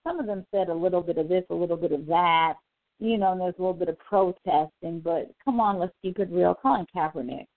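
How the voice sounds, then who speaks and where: A woman hosting a casual talk show, telling a story in an animated way and acting out the quotes, sounding exasperated. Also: fairly low pitch, no echo. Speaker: show host. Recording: phone-like dry audio.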